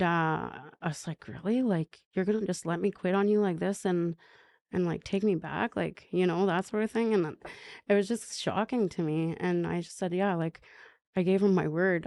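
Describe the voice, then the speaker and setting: Woman, middle-aged, lower register, halting confessional storyteller, dry booth sound. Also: fairly even intonation, vocal fry, darkish tone, no echo. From Canada. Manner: halting, many fillers and restarts. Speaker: podcast guest. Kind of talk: emotional personal recovery story.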